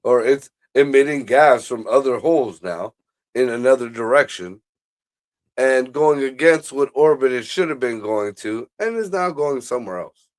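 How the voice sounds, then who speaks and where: A man's voice: medium pitch, lively intonation, moderate pace. A man co-hosting a casual livestream chat, rambling through theories and swearing as he goes. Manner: rambling, profane, laughs at his own jokes. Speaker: co-host.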